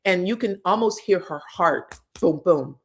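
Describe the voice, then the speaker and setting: A woman in casual chat, recapping reality-show scenes for viewers with animated, emotional delivery and free swearing. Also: lowish voice, measured pace, slight background noise. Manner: retells scenes in others' voices.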